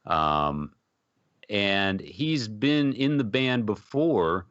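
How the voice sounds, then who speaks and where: Slow, low-voiced man on a podcast. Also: expressive, a bit bright, no room sound. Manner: unhurried, easygoing, many fillers. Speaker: podcast co-host. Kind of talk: casual music chat. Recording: dry, slightly dull podcast audio.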